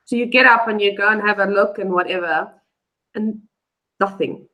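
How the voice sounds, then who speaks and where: A woman chats as a guest on a live show, recounting a story in a casual, meandering way. Her voice sits at a middle pitch for a woman. She loops back with fillers and restarts as she goes. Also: moderate pace, pushed and bright, low-quality recording. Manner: rambling, with many fillers and restarts.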